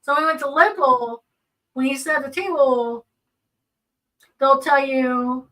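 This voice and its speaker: A woman's voice: high-pitched, normal speed, pushed and bright, distant mic, rough recording. A woman co-presenting a seminar in a casual panel talk, earnest and explanatory, drawing on personal examples.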